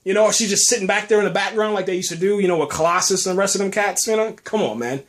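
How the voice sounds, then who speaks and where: Male podcast host with a higher-pitched voice, casual and ranting. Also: quick pace. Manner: animated ranting, full of "you know what I'm saying" and "man". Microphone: podcast mic.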